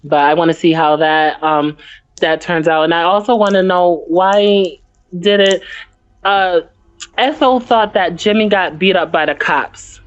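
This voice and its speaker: Low-voiced woman rambling through her notes. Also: fairly even intonation, measured pace, soft background music. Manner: rambling, reads from notes, many fillers. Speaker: podcast co-host. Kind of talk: casual TV recap chat. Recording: muffled lo-fi audio.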